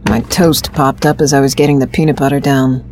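Woman narrator, very low voice, first-person scripted narration, steady delivery. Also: brisk, a little hiss or hum.

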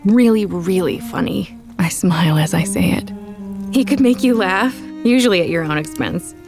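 Soft-spoken woman narrating an audiobook. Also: lowish voice, moderate pace. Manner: soft, intimate and reflective. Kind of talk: first-person audiobook narration. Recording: with background music.

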